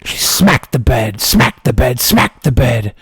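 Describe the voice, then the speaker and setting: A man streaming who tells a comic story with mock-dramatic, slow deadpan delivery. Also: mid-range voice, slightly rough, no room sound.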